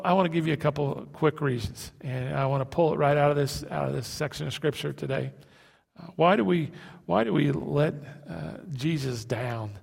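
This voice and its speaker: A male pastor preaching a sermon in a halting way, repeating words and asking rhetorical questions. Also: a little high, creaky, a little mellow, big-room sound.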